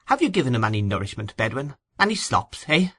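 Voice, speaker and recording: A man voicing a brisk, warm-hearted old gentleman in a storybook reading, bluff and blustering. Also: mid-range voice, very animated, slightly rough, exaggerated voice.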